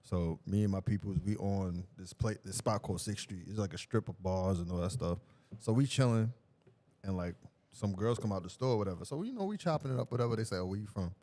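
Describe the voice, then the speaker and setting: A man's voice: fairly low pitch, quick pace, warm tone. A man from New York with a New York accent, co-hosting a podcast and telling stories in a laid-back, casual way. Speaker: podcast co-host. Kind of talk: casual chat.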